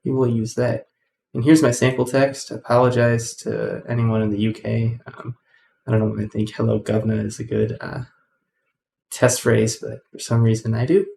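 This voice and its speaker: A man's voice: mid-range voice, little pitch movement, normal speed, vocal fry, darkish tone, slight background noise. A man hosting a casual coding tutorial, rambling with many ums and self-corrections.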